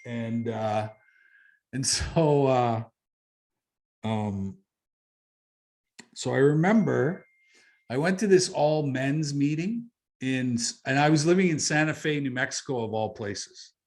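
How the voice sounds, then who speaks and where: A middle-aged man from Canada tells a personal story in a blunt, candid way. He swears freely, circles back on phrases for emphasis, and talks at an ordinary pitch. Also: slow, pauses often, darkish tone. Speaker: interview guest.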